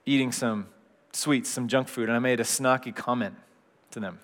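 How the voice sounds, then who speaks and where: A middle-aged man preaching a gentle, reflective sermon in a conversational way. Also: mid-range voice, steady tone, normal speed. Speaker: pastor. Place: church hall. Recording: long hall reverb.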